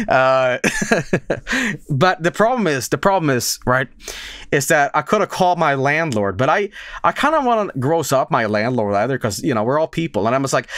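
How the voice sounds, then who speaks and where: A young male game streamer telling a story into a desk microphone at home, laughing and cursing as he goes. His pitch swings widely from low mutters up to sudden yelps. The sound is close and completely dry, with no room around it. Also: brisk, no echo. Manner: animated, laughing, swearing, with sudden loud outbursts. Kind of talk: casual storytelling on a live stream.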